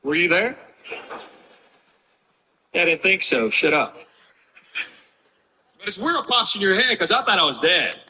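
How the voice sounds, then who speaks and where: A man with a drawl delivers a stand-up routine, his voice very bright and sharp-edged, pitched a little above most men. He rambles through a story and keeps snapping back at the crowd in mock defense. A faint noise sits under the recording. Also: sing-song, normal speed, long pauses. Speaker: stand-up comedian.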